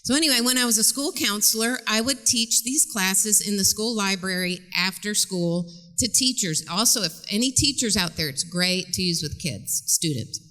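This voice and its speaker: A woman's voice: mid-range voice, moderate pace, few pauses. Chatty woman speaking in a church. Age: middle-aged. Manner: chatty, animated, laughs often, acts out voices. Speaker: guest speaker and parenting teacher. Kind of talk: church talk with storytelling. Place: church sanctuary stage. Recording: long reverb in a large church.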